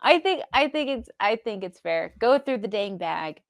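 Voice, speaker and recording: A woman's voice: mid-range voice, lively intonation, moderate pace, no echo. A young woman co-hosting a podcast in casual, jokey chat, laughing often. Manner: giggly, jokey. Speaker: podcast co-host.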